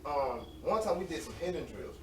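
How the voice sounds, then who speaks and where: Man, late twenties, animated slangy storyteller, higher voice, faint hiss. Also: normal speed. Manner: animated, laughs often, slangy. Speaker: interview guest, semi-pro football player. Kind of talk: casual storytelling. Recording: roomy, distant mic with faint noise.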